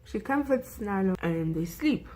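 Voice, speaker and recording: A woman's voice: mid-range voice, animated, a little slow, dark tone, a little hiss or hum, low-quality recording. A young South African woman vlogger recapping a film in a chatty way, saying "like" and "you know" a lot.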